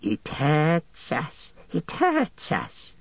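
A slow, raspy, hissing creature whines and pleads in a storybook reading. His pitch leaps and plunges wildly and his words drag out. The sound is dry and dull. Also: huge pitch swings, dry recording, heavily acted. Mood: pained hissing. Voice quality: raspy, gravelly hiss. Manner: whining, drawn-out, swooping pitch. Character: wretched hissing creature, male, sly and pitiful.

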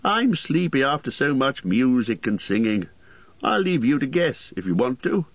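A brisk, chatty old hobbit poet with a teasing edge, as a male audiobook reader puts him on. He jumps up and down in pitch as he talks. The storybook recording is dry and a little dull. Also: very animated, dry recording. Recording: dry, slightly muffled studio audio.

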